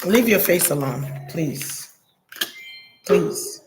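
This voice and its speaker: A woman vlogging in a casual, blunt and profane monologue, talking straight to her viewers, laughing often, with lively jumps in pitch. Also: moderate pace, noisy background.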